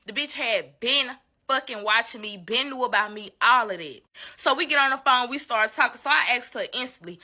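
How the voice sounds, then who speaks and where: Bright, chatty woman telling a story. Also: a little high, no echo, clean studio sound. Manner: chatty, profane, addresses viewers as y'all. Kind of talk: casual storytime vlog.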